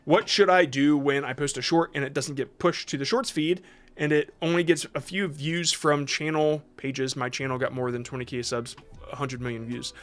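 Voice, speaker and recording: A man's voice: fairly high pitch, fairly even intonation, moderate pace. A man hosting a casual livestream, reading chat questions aloud and answering off the cuff with many fillers and restarts. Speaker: livestream host reviewing shorts.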